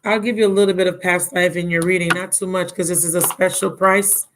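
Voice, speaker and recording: A woman's voice: on the low side, steady tone, a little fast, noisy background. Tarot reader on a live stream: a worn-out woman, blunt and casual, with pet names for the viewer. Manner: casual and blunt, calls listeners baby and my love. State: drained and yawning.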